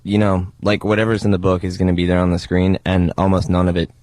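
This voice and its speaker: Halting young male radio guest. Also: sits low, completely flat delivery, a little mellow, no room sound. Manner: halting, laughing storyteller. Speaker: actor guest. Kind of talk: casual radio interview. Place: radio studio. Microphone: studio mic.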